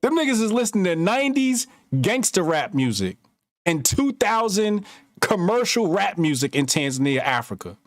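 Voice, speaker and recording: A man co-hosting a casual podcast, talking in a profane, animated storytelling way. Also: high-pitched, normal speed, no room sound, clean studio sound. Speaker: podcast co-host.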